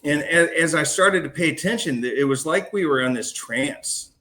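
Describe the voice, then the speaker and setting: A man's voice: fairly high pitch, moderate pace, bright, forceful tone. A man, a podcast guest, recounting a personal story in a casual, slangy way. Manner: casual and slangy, calling the host man and dude.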